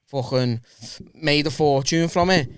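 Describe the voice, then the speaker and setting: A man's voice: on the high side, unhurried, smooth, no room sound, studio quality. A man co-hosting a casual podcast chat, swearing and using slang. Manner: swears a lot, uses English slang. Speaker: podcast co-host.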